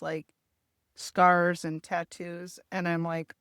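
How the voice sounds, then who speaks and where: Middle-aged woman, emotional storytelling, lowish voice, dry close sound. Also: fairly even intonation, takes it slowly, long pauses, dry recording. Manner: emotional, candid retelling with quoted dialogue. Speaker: podcast host telling her story. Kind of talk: personal storytelling in a podcast interview.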